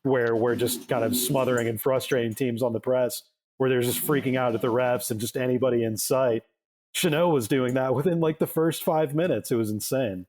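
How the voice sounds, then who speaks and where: A man's voice: mid-range voice, a little fast, darkish tone. A man co-hosting a sports podcast in casual chat, rambling with lots of fillers and restarts. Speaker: podcast co-host.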